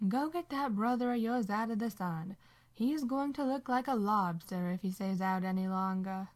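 A woman voicing a kindly, teasing old blind woman who speaks gently and motherly in a storybook reading. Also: medium pitch, moderate pace, close to an everyday voice.

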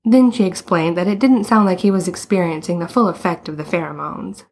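Woman audiobook narrator, lowish pitch, even storytelling. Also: fairly quick, husky. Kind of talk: scripted narration.

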